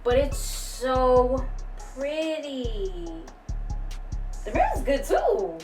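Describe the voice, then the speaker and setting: Gushing woman vlogger, slightly high voice. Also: big pitch swings, extremely slow, darkish tone, recorded from a distance, faint music behind. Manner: gushing, swears casually, keeps exclaiming. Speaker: beauty vlogger. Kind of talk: excited unboxing chat.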